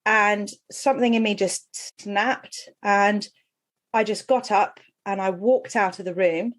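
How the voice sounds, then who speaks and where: A woman's voice: mid-range voice, takes it slowly. A middle-aged woman, a well-being coach and podcast guest, telling a personal story candidly and with animation. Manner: candid, animated, laughs while telling stories. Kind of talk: conversational storytelling.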